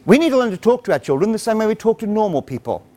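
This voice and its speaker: In rapid-fire delivery and a high-pitched voice, a middle-aged parenting speaker jokes his way through a talk for parents. He narrates with energy and performs bits of dialogue.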